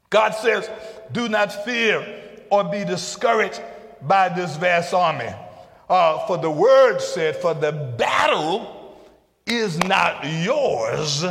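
A man with a very high, gravelly voice preaches a sermon in a slow, deliberate delivery, swelling into emphatic shouts. His tone is bright and forceful. The sound rings with a long hall reverb. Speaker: pastor.

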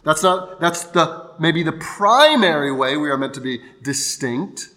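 A pastor preaching a Sunday sermon, explaining scripture in a conversational, teaching way. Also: male voice, a little high, lively intonation, measured pace, sharp tone.

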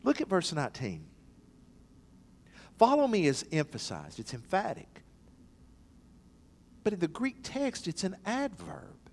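A man's voice: on the high side, wildly swooping pitch, unhurried, pauses often. A man preaching an emphatic sermon in a church, bringing quoted voices to life. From East Tennessee. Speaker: pastor. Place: church sanctuary. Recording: long hall reverb.

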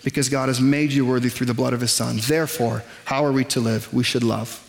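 A man preaching a sermon in a conversational, self-deprecating way, with quick asides to the congregation. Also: medium pitch, steady tone, vocal fry, in a large hall. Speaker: pastor. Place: church sanctuary.

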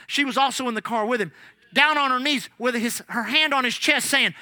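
A man's voice: very high voice, a little fast, no echo. A man preaching a sermon, telling stories and calling out "amen" as he goes. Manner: animated, repeats lines, calls out "amen". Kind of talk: sermon with storytelling.

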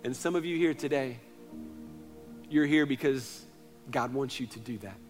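A man in his thirties, a pastor, preaching a sermon in earnest storytelling style, moving between loud passages and hushed ones. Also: medium pitch, moderate pace, faint music behind.

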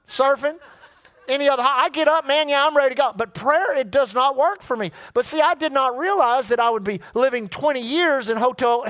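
A man's voice: very high voice, a bit bright, no echo. A middle-aged man preaching a sermon in a folksy, repetitive way and calling out to the congregation. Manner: folksy, repeats words, calls on the congregation.

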